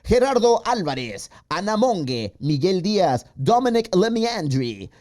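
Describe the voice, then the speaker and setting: A man hosting a podcast in casual chat, reading out patron names in a loud, playful way with plenty of swearing. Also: high voice, very animated, a little slow. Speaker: podcast host.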